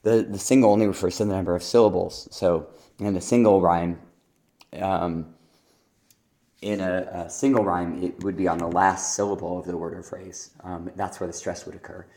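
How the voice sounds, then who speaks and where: Deep male teacher talking through rhyme feedback, hesitant and explanatory, recorded in an echoey room. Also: flat delivery, normal speed, mellow. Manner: explanatory, with fillers and throat-clearing. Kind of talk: spoken feedback on rhyme exercises.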